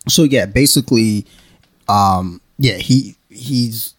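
A man with a lowish voice hosts a casual podcast, rambling along with plenty of "you know"s and cheerful swearing. He sounds close and dry on the mic, with no room around him. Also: takes it slowly, breathy edge, dry recording. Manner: rambling, profane and joking, many fillers. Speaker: podcast host. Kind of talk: casual chat.

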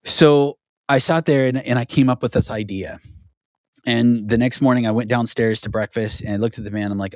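A man telling a studio story as an interview guest, animated and full of restarts and fillers. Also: medium pitch, moderate pace, dry recording. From Southern California. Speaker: guest, record producer.

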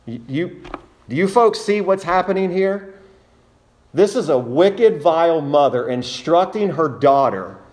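A man's voice: fairly high pitch, a little mellow. A man preaching an expository sermon, reading scripture and speaking earnestly and emphatically to his congregation.

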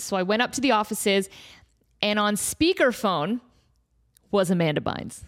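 A woman in her thirties hosting a podcast in a casual, chatty way, saying "like" a lot and laughing easily. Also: medium pitch. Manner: chatty, heavy use of "like", quick laughs. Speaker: podcast host.

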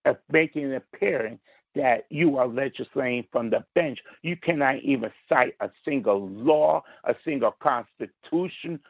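A male caller to a political podcast argues combatively and emphatically, leaning hard on his words. His medium-pitched voice moves at normal speed, and the dry recording has its highs cut off.

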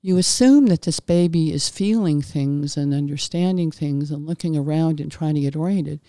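A middle-aged woman, a former midwife, hosts a podcast and shares stories from her working life. Her voice is warm and low-key with a gravelly edge, and she often loops back and restarts her sentences. The sound is dry, with no room echo. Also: moderate pace. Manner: meandering, frequent restarts and self-corrections; gentle, folksy and reassuring. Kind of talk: casual podcast monologue with anecdotes.

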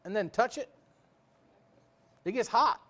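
A man's voice: very high voice, lively intonation, measured pace, fairly bright tone. A man preaching a sermon in a folksy, joking way, full of rhetorical questions.

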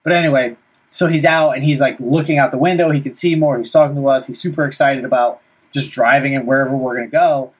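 Husky young dad rambling casually. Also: male voice, medium pitch, fairly even intonation, fast talker. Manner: rambling, lots of "like" and "right?". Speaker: vlogger dad. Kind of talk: casual storytelling to camera.

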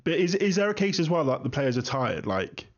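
A man's voice: on the high side, very animated, a little fast. A man co-hosting a football podcast in casual chat, hesitant and questioning, with frequent ums. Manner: hesitant, lots of ums and restarts, asks questions. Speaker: podcast co-host, football fan. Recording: muffled lo-fi sound.

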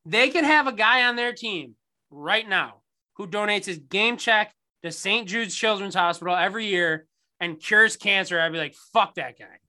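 The speaker is a podcast co-host in his thirties whose casual sports chat turns into sarcastic, profanity-laced rants. His voice sits high and comes across pushed and bright, moving at a moderate pace.

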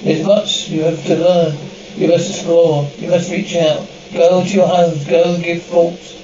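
An actor playing a commanding alien being, speaking in solemn, halting pronouncements on a dull, distant old TV soundtrack. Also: male voice, on the high side, flat delivery, warm tone, roomy sound, a little hiss or hum, lightly acted. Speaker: alien visitor.

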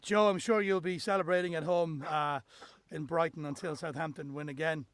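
A man's voice: fairly high pitch, normal speed, dry recording. A man hosting a football podcast, chatting casually with fillers and steering the show to its close. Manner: relaxed, fillers, wraps up the show. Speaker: podcast host.

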